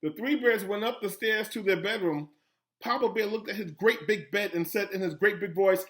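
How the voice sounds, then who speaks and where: A man, a school principal, reading a children's story aloud with animated, gasping, teacherly asides to young pupils. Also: high-pitched, moderate pace.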